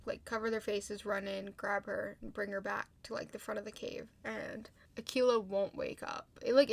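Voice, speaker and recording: A young woman with a medium-pitched, creaky, slightly bright voice is casually recapping a TV episode. She's chatty, swears often, and stuffs her sentences with "like."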